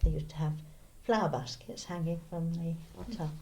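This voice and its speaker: An older woman, answering briefly and plainly. Her voice is very low and mellow, with a gravelly texture. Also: steady tone, moderate pace. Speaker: interviewee. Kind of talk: oral history interview.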